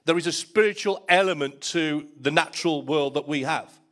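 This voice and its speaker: Middle-aged male pastor, preaching in a storytelling manner, voice sits a little high. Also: moderate pace, fairly bright tone. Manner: storytelling, repeats words when starting a thought. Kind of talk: sermon.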